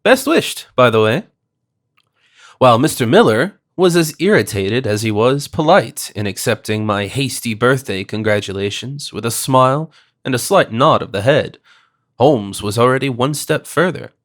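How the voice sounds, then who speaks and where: A male narrator reads a period detective story in the first person with measured, formal diction. His voice sits at an ordinary middle pitch and keeps an even, steady pace. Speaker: audiobook narrator.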